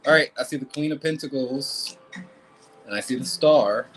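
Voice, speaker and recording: A man's voice: mid-range voice, normal speed, soft background music, low-quality recording. A man doing a casual live tarot reading, talking bluntly and swearing often. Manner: blunt, animated, swears and laughs a lot. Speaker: tarot reader.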